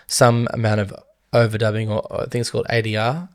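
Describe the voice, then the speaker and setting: A man's voice: on the low side, flat delivery, fast talker. A man, talking casually and at length on a podcast, wandering off into jokes and playful voices. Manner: chatty, rambling, slips into playful voices. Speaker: podcast co-host. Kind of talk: casual chat.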